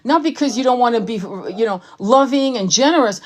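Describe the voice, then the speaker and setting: A woman's voice: on the high side, animated, fairly quick. A woman who works as a psychic, giving a blunt, profane and impassioned talk to fellow healers. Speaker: psychic and tarot channel host. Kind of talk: impassioned spiritual monologue.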